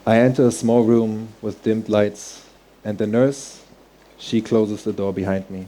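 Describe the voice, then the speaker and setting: A man's voice: fairly low pitch, flat delivery, a little slow, mellow. A man telling a personal story on stage, earnest and heartfelt, in vivid present tense. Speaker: speaker.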